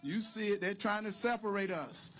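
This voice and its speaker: A man giving a campaign rally speech outdoors, preacher-like, building to loud, emphatic lines. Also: high-pitched, moderate pace. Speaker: political candidate.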